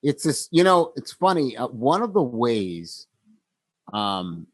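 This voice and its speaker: A man's voice: mid-range voice, very animated, takes it slowly, no echo. A man co-hosting a casual podcast, talking reflectively with many fillers and restarts. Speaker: podcast co-host.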